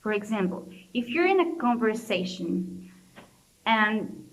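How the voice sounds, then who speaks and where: This is a young Colombian woman in her native-Spanish English, walking through a class topic step by step at a middle pitch. She explains patiently and often restarts her phrases. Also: big pitch swings, measured pace. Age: young adult. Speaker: student presenter. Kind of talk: recorded class presentation.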